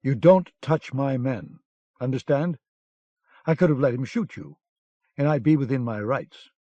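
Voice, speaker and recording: A man's voice: mid-range voice, a little slow, warm tone, no echo, close to an everyday voice. A man voicing a blustering German army lieutenant who barks commands, on a dull lo-fi cassette audiobook recording. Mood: scornful. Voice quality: barking, commanding.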